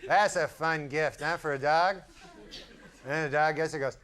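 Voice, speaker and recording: A man doing a stand-up comedy set, talking in a drawling, deadpan way with rambling asides. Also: on the high side, moderate pace. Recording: live club set with loud crowd and noise. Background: audience laughter.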